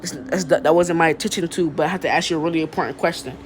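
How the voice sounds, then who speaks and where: A man voicing an excitable young male hero fan, with an eager, rushed delivery. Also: a little high, a little hiss or hum, close to an everyday voice. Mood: pleading.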